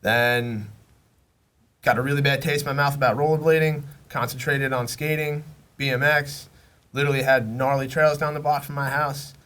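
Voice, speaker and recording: A man's voice: medium pitch, steady tone, normal speed, a bit bright. Slangy young man telling rambling stories. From Long Island, New York. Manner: rambling, slangy, profane, acts out quoted friends. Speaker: podcast guest. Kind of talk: casual storytelling.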